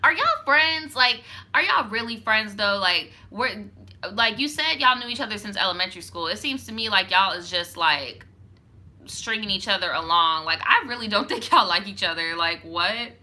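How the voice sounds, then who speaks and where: Young woman, storytime host, very bright voice, reads viewer story, blunt sassy asides, swears, says "like" a lot. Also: mid-range voice, lively intonation, moderate pace. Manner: frank, profane, sassy asides, heavy use of "like". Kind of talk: reading a viewer's story with commentary.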